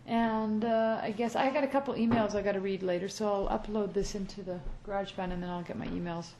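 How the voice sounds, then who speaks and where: A woman's voice: mid-range voice, fairly even intonation, quick pace, background noise. Chatty woman podcast host. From Canada. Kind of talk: casual podcast chat. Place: small home office studio.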